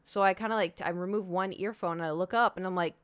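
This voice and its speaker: A woman's voice: on the low side, steady tone, fast talker, smooth, dry recording. A young adult woman streamer telling a rambling, self-interrupting story to her chat in a casual way. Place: home.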